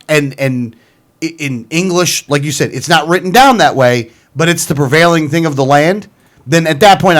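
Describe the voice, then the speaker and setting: A quick-talking male radio host whose pitch swings widely as he talks. His chat is loose and jokey, and he stumbles over repeated words at the start of his thoughts. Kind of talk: casual talk radio chat.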